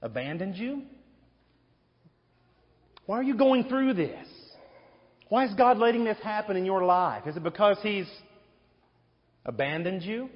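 A sly, coaxing devil , as a preacher puts him on, with a fairly high male voice that needles and mocks. The sound rings in a large hall and comes through dull and lo-fi. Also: animated, unhurried, pauses often. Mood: taunting. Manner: mocking, needling questions.

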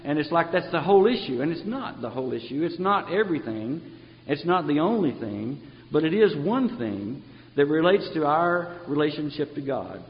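A man's voice: fairly high pitch, big pitch swings, normal speed. A male preacher delivering a conversational sermon, sometimes acting out the voices in his stories. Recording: dull audio with long hall reverb.

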